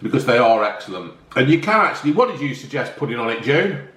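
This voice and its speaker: A man's voice: medium pitch, very animated, fast talker, fairly bright tone, reverberant. A man, chatting enthusiastically as a casual food review vlogger, often talking while eating.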